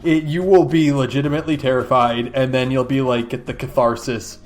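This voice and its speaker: A man's voice: medium pitch, fairly even intonation, a little fast, soft background music. A man co-hosting a podcast in casual chat. He is laid-back and swears casually, with plenty of fillers. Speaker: podcast co-host.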